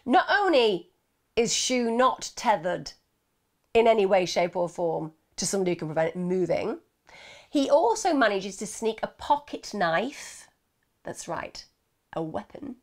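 A woman, telling a true crime story in a casual, animated and indignant way, full of rhetorical questions. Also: mid-range voice.

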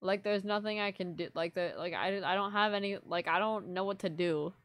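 A woman's voice: mid-range voice, a little fast, no room sound. A young woman live-streaming to her viewers in casual chat, rambling and apologetic, full of fillers. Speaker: livestreamer.

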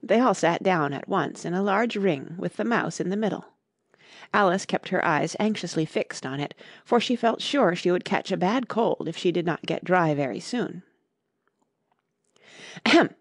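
Woman narrating a storybook, low dry voice. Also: animated, normal speed, dry recording. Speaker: audiobook narrator.

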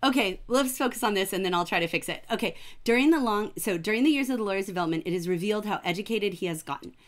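A middle-aged woman teaching a livestreamed writing class from her home computer, warm and enthusiastic as she praises her students' work. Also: mid-range voice, lively intonation, fast.

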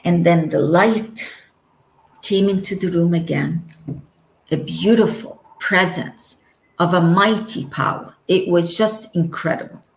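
A woman's lowish, fry-tinged voice recounts her near-death experience as a guest, recorded in a room with echo. Her testimony is earnest and slow, and she performs the remembered dialogue as she goes.

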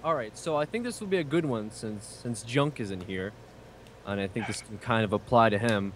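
A young man calling in to a gaming podcast, joking deadpan and swearing casually. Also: lowish voice, normal speed, a little hiss or hum. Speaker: caller. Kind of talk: casual call-in chat.

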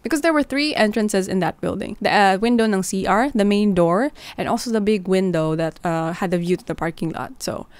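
A Filipino-accented woman narrates a true crime story like she is chatting with a friend, animated and casual. Her pitch sits in an ordinary middle range. The recording is close and dry, with no room echo. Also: fairly quick, few pauses, clean tone. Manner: chatty, code-switching, animated. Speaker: true crime podcast host.

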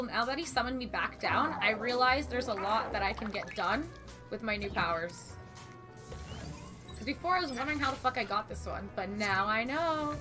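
A woman streaming a video game, chatting casually, swearing freely and breaking into sudden loud exclamations. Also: a little high. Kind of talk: casual gaming commentary.

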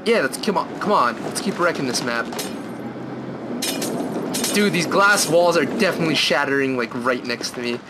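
A young man commentating on a video game from his room at home, excitable and rambling, now and then breaking into snatches of song. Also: on the high side, moderate pace, pauses often, background noise. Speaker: gameplay commentator. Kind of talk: gameplay commentary.

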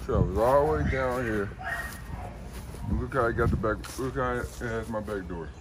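A man talking casually to his dogs outdoors, calling them loudly and scolding them. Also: medium pitch, normal speed, heavy background noise. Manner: calls and scolds his dogs, loud shouting commands. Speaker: dog owner.

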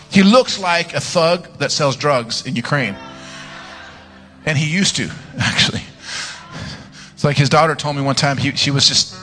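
Preacher guy, bit high and bright, cracking jokes then praying hard. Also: normal speed, faint music behind. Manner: animated, joking storyteller, loud fervent praying. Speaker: guest preacher. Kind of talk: charismatic sermon with prayer.

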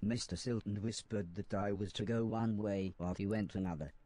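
Robot narrator in a game, male text-to-speech, monotone, flat robotic reading, lowish voice. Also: brisk, no room sound, lightly acted. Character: robot narrator telling his story, calm.

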